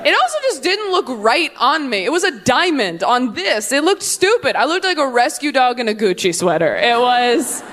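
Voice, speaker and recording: A woman doing stand-up comedy from a club stage into a handheld mic, trading in sarcastic, self-mocking jokes. Her voice sits a little high and swings widely in pitch, with a faint hum of noise behind it. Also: big pitch swings, normal speed, hardly any pauses, fairly bright tone.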